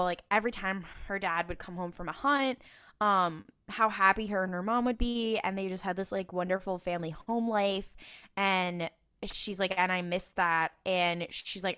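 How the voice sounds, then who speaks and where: Her voice is smooth and sits at a medium pitch. She co-hosts a podcast, going over episodes in relaxed conversation, voicing the characters' lines herself and laughing as she animatedly tells the story.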